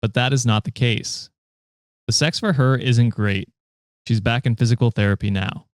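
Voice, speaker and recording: A man's voice: medium pitch, moderate pace, no room sound, studio quality. A man hosting a podcast, reading a story post aloud between casual chat and frequent laughter. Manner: laughs often, reads posts aloud. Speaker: podcast host reading stories.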